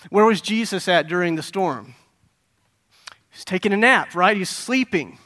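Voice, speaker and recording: Male pastor, high bright voice, animated sermon with storytelling and rhetorical questions. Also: measured pace.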